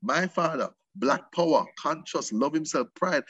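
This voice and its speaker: An emphatic Jamaican man talking with a lot of conviction, his voice swinging up and down in pitch. His tone is husky, and the recording is dry and close. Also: big pitch swings, moderate pace, no room sound. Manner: emphatic, mixes patois with English. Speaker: guest. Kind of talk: passionate conversational interview.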